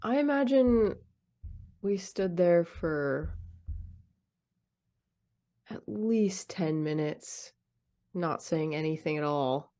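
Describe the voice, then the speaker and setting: Slow, thoughtful woman player. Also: fairly low pitch, lively intonation, dark tone. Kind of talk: role-playing game chat.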